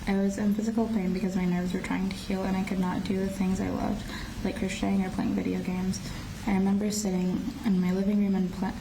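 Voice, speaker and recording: A teenage girl reading her prepared statement in a courtroom, quiet and subdued, often stopping to restart phrases. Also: mid-range voice, level tone, fairly quick, gravelly, few pauses. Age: teens. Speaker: shooting survivor giving a victim impact statement. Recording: distant courtroom audio with faint noise.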